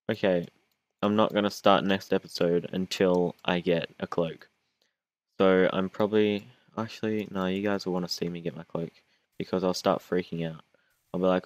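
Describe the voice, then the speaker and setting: Low-voiced young aussie guy rambling over his gameplay, whiny and self-mocking, dead dry sound. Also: normal speed, dry recording. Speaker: gaming YouTuber. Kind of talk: casual gameplay commentary.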